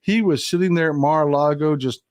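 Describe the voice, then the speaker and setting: A man's voice: on the high side, brisk, dry recording, studio quality. A man with a Southern American accent hosting a casual political live stream, talking in a folksy, emphatic way and answering his chat.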